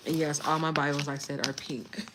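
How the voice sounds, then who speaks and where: A woman from California hosting a livestream, chatting casually and directly with her viewers, animated and laughing often. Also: deep voice, normal speed, background noise. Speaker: livestream host. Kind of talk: casual live chat with viewers.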